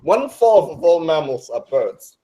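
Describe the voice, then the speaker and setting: A man's voice: on the high side, sing-song, measured pace, dark tone, rough recording. A young man chatting casually while commenting on a video, hesitant and full of restarts. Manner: hesitant, many restarts, laughs often.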